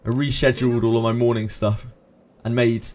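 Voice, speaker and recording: A man's voice: mid-range voice, little pitch movement, brisk, darkish tone. A man streaming games, chatting casually with viewers, answering them by name and laughing often. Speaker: game streamer. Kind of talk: casual live-stream chat.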